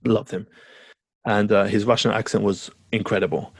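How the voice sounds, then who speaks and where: A man's voice: fairly low pitch, flat delivery, moderate pace, creaky, breathy edge, dry recording. A man co-hosting a podcast, chatting eagerly and rambling, swearing now and then. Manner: enthusiastic, rambling, swears casually. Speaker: podcast co-host. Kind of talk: casual chat.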